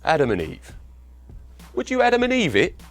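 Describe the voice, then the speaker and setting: A man with a Cockney accent giving loud, punchy examples of rhyming slang in a lesson video. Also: sits high, wildly swooping pitch, moderate pace, soft background music, full character voice. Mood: cheeky. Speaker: guest speaker in a language lesson video.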